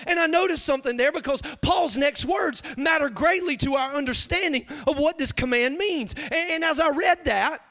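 A man, preaching a sermon with impassioned, confessional energy and loud, half-sung emphasis. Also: extremely high pitch, normal speed, few pauses. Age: 30s.

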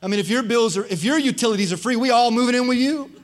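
A pastor with a high, bright-toned male voice delivers a lively sermon. He tells stories with animation and keeps calling out to the congregation to respond. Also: quick pace. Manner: preaching with crowd call-outs; animated storytelling.

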